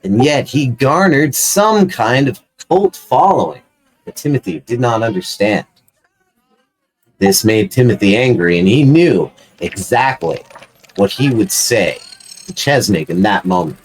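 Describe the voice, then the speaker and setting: A man's voice: medium pitch, animated, unhurried, low-quality recording. A man telling a profane, rambling story as a player in a tabletop game.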